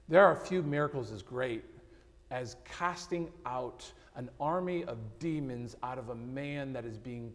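A male pastor preaching a sermon, swinging between loud, emphatic passages and hushed, slowed-down lines. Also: mid-range voice. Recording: long hall reverb.

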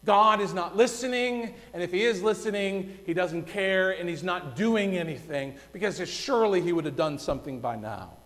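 A male pastor preaching a sermon, moving between loud pleading cries and hushed, quiet stretches. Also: high-pitched, expressive, moderate pace, few pauses. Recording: long hall reverb.

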